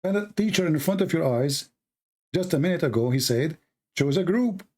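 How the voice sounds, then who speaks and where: Animated guy, first language arabic, broken english, laughs a lot, kinda high. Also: brisk. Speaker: host. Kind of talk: casual storytelling and polemic.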